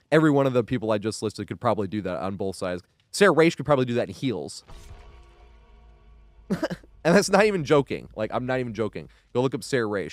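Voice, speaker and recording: A man's voice: medium pitch, smooth, no room sound, studio quality. A young man streaming a game live, chatting loosely with frequent laughs and casual swearing. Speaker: gaming streamer.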